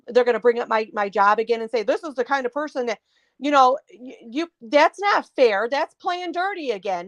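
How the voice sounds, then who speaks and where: Outspoken woman with a fairly high voice. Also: no room sound. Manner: animated, outspoken storyteller acting out quoted dialogue; frequent restarts, fillers. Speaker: guest. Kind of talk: casual live-stream chat.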